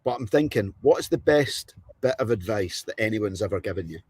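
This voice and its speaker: A man's voice: lowish voice, lively intonation, brisk, noisy background. A man hosting a casual podcast interview, asking questions with hesitant restarts. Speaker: podcast host.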